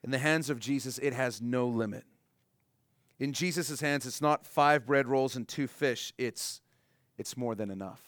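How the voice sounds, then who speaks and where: A man preaching a sermon in a conversational way, acting out little voices and slowing down to stress key lines. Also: mid-range voice, clean tone, dry recording, clean studio sound. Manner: conversational preaching, acts out voices, slows for emphasis. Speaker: pastor.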